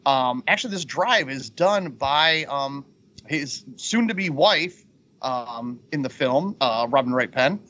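A man's voice: mid-range voice, lively intonation, slow pace, sharp tone. A man cohosting a podcast, presenting a segment in a jokey, hesitant way with many fillers. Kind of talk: casual podcast banter. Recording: dull lo-fi mic.

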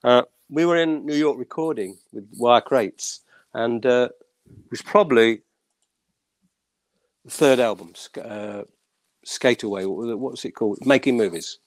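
A man, a session musician guest, telling animated stories with many stammered restarts. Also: medium pitch, a little slow, long pauses, dry recording. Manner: animated storyteller, acts out quoted voices. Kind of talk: casual anecdote telling.

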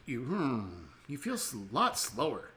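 A man's voice: medium pitch, sing-song, unhurried, a crowd in the background. A man running a tabletop game as game master, chatty and laughing often.

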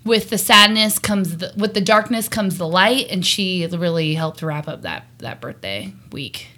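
A woman's voice: on the low side, animated, unhurried, sharp tone. A young woman co-hosting a podcast, chatting casually over wine, rambling and laughing often. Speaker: podcast co-host. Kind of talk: casual chat.

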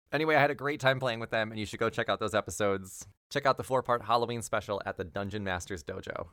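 A man's voice: on the low side, brisk, fairly bright tone, no room sound, clean studio sound. A man hosting a tabletop role-play podcast, chatty and laughing at himself as he reads thanks and announcements. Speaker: game master and podcast host. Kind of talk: podcast announcements and game narration.

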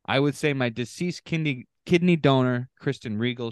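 A man's voice: medium pitch, moderate pace, hardly any pauses, clear, resonant tone, no room sound. A man from Canada co-hosting a casual podcast, reading contestant bios aloud with offhand asides. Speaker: podcast co-host.

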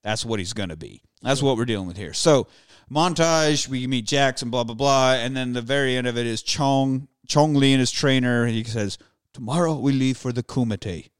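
A man's voice: medium pitch, moderate pace, clean tone, dry recording, clean studio sound. Profane, joking man on a podcast. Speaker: podcast co-host. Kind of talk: casual movie podcast chat.

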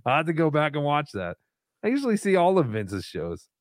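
A man's voice: a little high, huge pitch swings, fairly quick, no echo. A man hosting a live stream, casually playing callers' voicemails and chatting about them. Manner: easygoing, swears casually.

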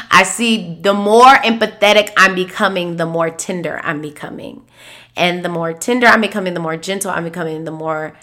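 A woman in her thirties hosting a podcast, talking candidly about feelings, sometimes soft and sometimes animated. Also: medium pitch. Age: 30s. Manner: candid, expressive, shifts between soft and animated. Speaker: podcast host. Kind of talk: reflective solo podcast talk.

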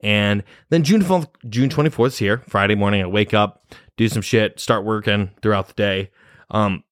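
Young man, casual storytelling, swearing, nervous laughs, low voice, dry close sound. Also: normal speed, dry recording. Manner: rambling, heavy cursing, nervous laughs. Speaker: vlogger.

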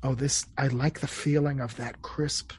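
A woman's voice: rumbling low, fairly even intonation, a little slow, a little mellow, slightly rough. A woman hosting a casual food chat, talking enthusiastically and teasing her guest. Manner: chatty, enthusiastic, gasps and teases. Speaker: podcast host. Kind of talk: casual chat while eating on a food show. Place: New York City apartment.

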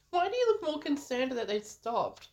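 Podcast co-host, woman: slightly high, very animated, giggly and teasing. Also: measured pace, a little hiss or hum. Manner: laughing, teasing, swears freely. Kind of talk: casual movie-watching chat.

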